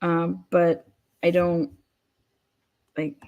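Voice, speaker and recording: A woman with a fairly low, creaky voice speaks extremely slowly with a completely flat delivery, and the audio sounds dull. Her casual commentary is blunt and profane, and she often acts out what others might say in quoted rants.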